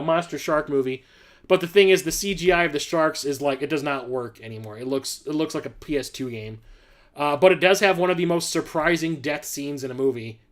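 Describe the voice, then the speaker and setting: A man hosting a casual livestream, rambling enthusiastically with lots of fillers and casual swearing. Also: fairly high pitch. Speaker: livestream host showing his film collection.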